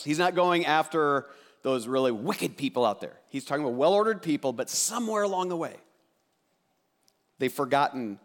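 A man, the pastor, preaching a sermon to a seated congregation from a church stage, reading scripture and praying in a conversational, emphatic way that repeats words for stress. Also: mid-range voice.

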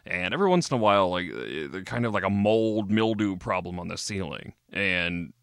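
A man's voice: low-pitched, animated, normal speed, vocal fry, a bit bright, no echo, studio quality. A man co-hosting a podcast in casual chat, rambling and swearing as he searches for words. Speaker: podcast co-host.

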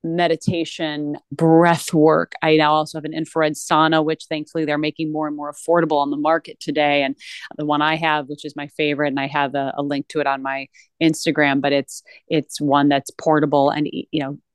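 Woman, interview guest, earnest conversational delivery, slightly low pitch, dry recording. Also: fairly quick, clear, resonant tone, no room sound. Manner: earnest, animated, with many restarts.

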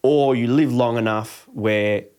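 A man's voice: medium pitch, slow pace, a little mellow, smooth. A man in casual film talk with a friend, swearing freely and acting out lines from the movie.

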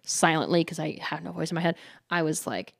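A woman's voice: sits low, quick pace, gravelly, breathy edge, dry recording, studio quality. Giggly, chatty woman podcast host. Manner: chatty, giggly, full of "like" fillers; dramatizes with lively quoted voices. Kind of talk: casual storytelling.

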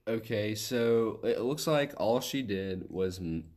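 A man's voice: lowish voice, slow, a little mellow. A man from West Virginia with a Southern accent, rambling and swearing his way through casual chat as a podcast co-host. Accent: Southern American. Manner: rambling, profane storytelling.

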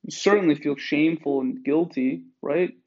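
A man's voice: on the high side, moderate pace, highs cut off. Profane, rambling male podcast host. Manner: profane, animated, digressive. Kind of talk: rambling monologue.

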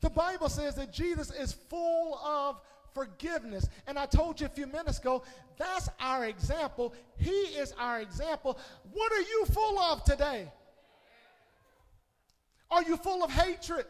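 A man preaching a sermon as pastor, calling on the congregation and swinging between shouted peaks and hushed low passages. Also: expressive, measured pace. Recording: long hall reverb.

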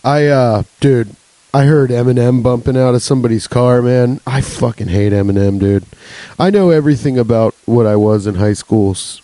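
A man's voice: on the low side, dark tone, no room sound, low-quality recording. A young adult man hosting a solo comedy podcast, rambling and swearing with laughs between jokes. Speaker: podcast host.

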